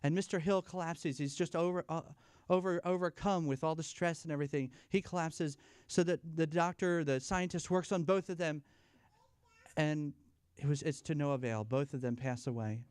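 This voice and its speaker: A man telling corny jokes and a long shaggy-dog story at a church family night, playful and self-deprecating, pausing for laughs. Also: fairly high pitch, darkish tone, smooth, no room sound, clean studio sound. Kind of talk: stand-up style corny jokes. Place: church fellowship event, live.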